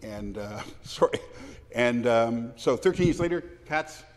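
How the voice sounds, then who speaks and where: A man speaking in a parliamentary debate, personal and anecdotal, with halting restarts. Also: mid-range voice, lively intonation. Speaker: legislator answering questions. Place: large legislative chamber. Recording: long reverb of a large hall.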